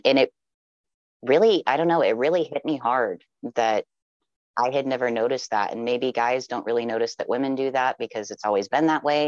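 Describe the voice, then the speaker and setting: A podcast guest with a low voice tells personal experiences earnestly and reflectively, with many casual fillers. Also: dry recording, dull audio. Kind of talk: candid personal storytelling.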